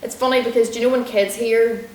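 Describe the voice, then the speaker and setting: A woman with a Derry accent from Northern Ireland, a comedian and actor telling anecdotes in an interview, chatty and animated. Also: on the high side, quick pace. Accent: Derry, Northern Irish. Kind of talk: storytelling interview answers. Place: lecture room in a university building. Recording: roomy lecture hall with faint hiss.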